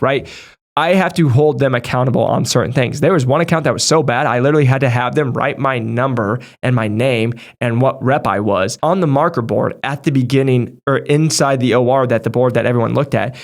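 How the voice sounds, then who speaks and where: A medical device sales trainer coaches new sales reps briskly and directly, talking fast at a medium pitch. His casual advice to viewers is conversational and addressed straight to them, drawing on past situations he walks through.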